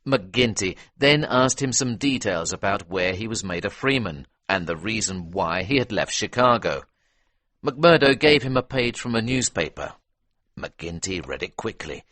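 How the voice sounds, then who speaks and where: Male narrator for a learner's storybook: low, even, dry read. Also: unhurried, no room sound. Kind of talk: storybook reading for English learners.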